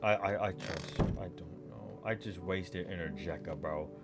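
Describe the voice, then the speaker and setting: A young man giving excitable let's play commentary, swinging between yelling and mumbling. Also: deep voice, unhurried, loud music behind the voice. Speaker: gaming YouTuber.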